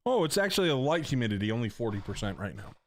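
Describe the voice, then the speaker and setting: This middle-aged North Carolina streamer talks rapid-fire in a mid-range voice with big pitch swings. Chatty and slangy, he jokes with viewers of his gaming stream and reads chat out loud.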